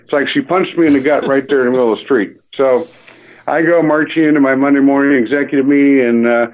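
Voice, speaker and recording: A man's voice: mid-range voice, fast. A middle-aged man who leads a restaurant company tells a story. He uses many filler words and acts out the dialogue. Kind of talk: anecdotal storytelling. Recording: narrow phone-like radio audio.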